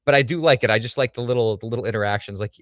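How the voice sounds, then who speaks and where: A man's voice: mid-range voice, very fast, dry recording, clean studio sound. A man co-hosting a TV review livestream, opinionated and joking, with casual swearing. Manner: opinionated, animated, swears and jokes. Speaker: podcast co-host.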